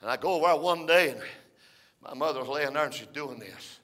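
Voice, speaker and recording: An older man preaching a folksy storytelling sermon, rising to shouts between drawn-out "uh" phrases. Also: on the high side.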